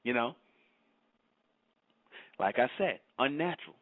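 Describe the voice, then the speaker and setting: A man's voice: mid-range voice, animated, a little slow, dry recording. A man hosting his own channel, delivering a scolding monologue in reply to chat comments, firing rhetorical questions and repeating himself. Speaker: channel host. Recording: tinny phone-like audio.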